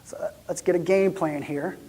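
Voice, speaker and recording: A man acting out an excitable young shepherd in a first-person church monologue, chatty and lively, then dropping to hushed tones. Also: high-pitched, moderate pace, breathy edge. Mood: excited.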